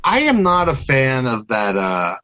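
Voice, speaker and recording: A man co-hosting a podcast, talking in a casual, blunt, dismissive way with lots of ups and downs in his pitch. His voice sounds dry and a little dull, as if recorded lo-fi. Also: wildly swooping pitch, measured pace, bright, forceful tone, no room sound. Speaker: podcast co-host. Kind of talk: casual wrestling review chat.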